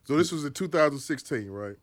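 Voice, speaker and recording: A man hosting a podcast, teasing his guests and cracking jokes in loud, casual chat. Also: a little high, lively intonation, fairly quick, no echo, clean studio sound. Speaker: podcast host.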